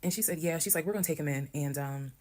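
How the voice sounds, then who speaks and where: A woman calmly telling a detailed personal story, acting out what others said. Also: deep voice, fast. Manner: calm, detailed, quoting others. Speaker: storyteller in a video.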